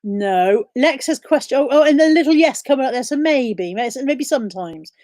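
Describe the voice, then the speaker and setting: Woman host, fairly high voice, dry close sound, chatty, reads chat questions aloud in a casual live-stream style. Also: animated, moderate pace, a little mellow, no room sound. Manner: reads viewer questions aloud and answers them.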